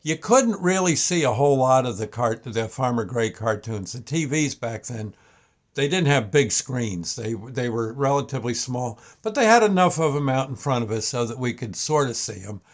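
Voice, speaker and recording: An older man hosting a show, telling a childhood story in a casual, meandering way with many halting restarts. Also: medium pitch, animated. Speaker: show host. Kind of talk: casual reminiscence.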